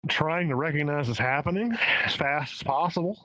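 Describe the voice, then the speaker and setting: A man's voice: a little high, moderate pace, bright, forceful tone, no echo, low-quality recording. A man with a Southern US accent talking as a stand-up comedian guest in a casual podcast interview, candid and profane, often restarting his sentences. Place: home in the Pacific Northwest.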